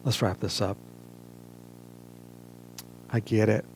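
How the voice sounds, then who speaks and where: A man preaching a sermon as pastor, earnest and measured, with emphatic pauses. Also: lowish voice, fairly even intonation, vocal fry, a little mellow, slight background noise. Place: church, streamed online service.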